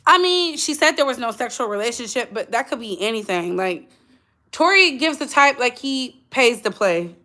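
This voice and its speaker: A woman's voice: on the high side, expressive, normal speed, bright, forceful tone. A woman hosting a livestreamed gossip channel in blunt, chatty casual commentary, talking straight to her chat.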